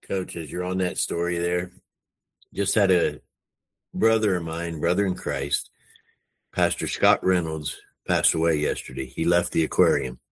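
A man with a very low voice tells a story from his own life in a plain, conversational way. He sounds earnest and moved as he speaks. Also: a little slow. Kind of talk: personal storytelling.

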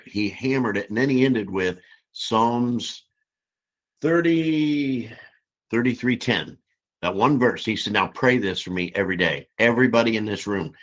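A man's voice: on the low side, fairly bright tone, rough recording. A man in an online group who eagerly adds a suggestion to the talk. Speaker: group member.

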